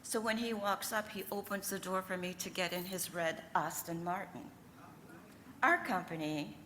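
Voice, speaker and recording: A woman's voice: lowish voice, moderate pace. Older Southern woman telling stories in a hall. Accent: Southern American. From American South. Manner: lively, laughing, asks the audience "okay?" and "right?". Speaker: panel speaker. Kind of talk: storytelling talk with slides. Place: lecture room. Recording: reverberant hall, faint ambience.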